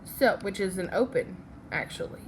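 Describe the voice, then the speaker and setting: A woman's voice: medium pitch, lively intonation, normal speed, slight background noise. A woman teaching a phonics lesson from slides. She is patient and checks in with "okay?" after each step.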